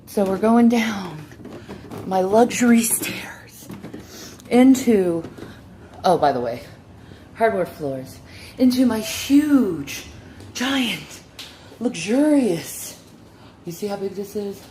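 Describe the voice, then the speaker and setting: A woman's voice: mid-range voice, expressive, slow pace, pauses often, mellow, a little hiss or hum. Breathless, showy woman touring her home. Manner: showy, defiant, calls viewers darling. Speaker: vlogger giving a home tour. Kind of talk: walking home-tour vlog. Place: indoor apartment, moving between rooms.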